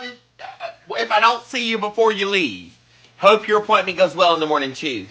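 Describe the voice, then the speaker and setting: A man's voice: high voice, lively intonation, normal speed, sharp tone, low-quality recording. A man from South Carolina with a Southern accent, hosting a casual cooking live stream and greeting viewers in a sassy, playful way. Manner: sassy, playful, drawls greetings, hums little sound effects.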